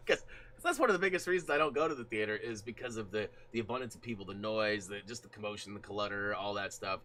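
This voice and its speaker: A man casually chatting while hosting a gaming live stream, greeting viewers from the chat in an animated way. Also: lowish voice, fast.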